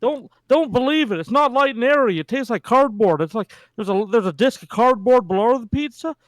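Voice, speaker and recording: A man's voice: extremely high pitch, fairly quick, dry recording. A man chatting as a stream co-host, joking and ranting with crude humor. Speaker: co-host friend. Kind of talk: casual chat.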